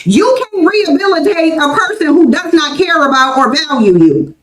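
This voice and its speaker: A woman's voice: sits high, lively intonation, moderate pace, roomy sound, low-quality recording. An American woman in her forties hosting a livestream, talking emphatically and repeating her points insistently. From United States. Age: 40s. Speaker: livestream host. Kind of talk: livestream commentary.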